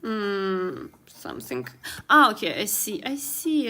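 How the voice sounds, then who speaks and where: A woman's voice: mid-range voice, big pitch swings, normal speed, bright, forceful tone. A young woman with a Slavic accent chatting casually on a live stream while drawing, giggly and trailing off with fillers. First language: Ukrainian. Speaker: streamer and artist.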